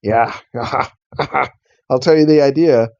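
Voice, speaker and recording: A man co-hosting a comedy podcast, making dry, deadpan asides. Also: mid-range voice, slow, dull audio. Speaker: podcast co-host.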